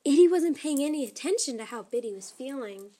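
A woman reading a children's story aloud, soft and often close to a whisper. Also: sits high, lively intonation, brisk.

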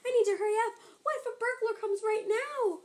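A woman voicing an excitable, anxious little female kitten who talks in a hurried, worried way. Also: very high voice, pitched above the performer's own voice.

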